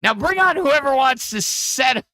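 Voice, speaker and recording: A man voicing a brash, aggressive male podcast host who boasts and shouts in a fake Welsh accent. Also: very high voice, lively intonation, measured pace, no echo, pitched above the performer's own voice, heavily acted. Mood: boastful.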